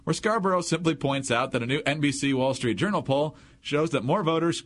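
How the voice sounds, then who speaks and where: A man hosting a political commentary podcast, brisk and wry as he sets up clips. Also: on the high side. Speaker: podcast host.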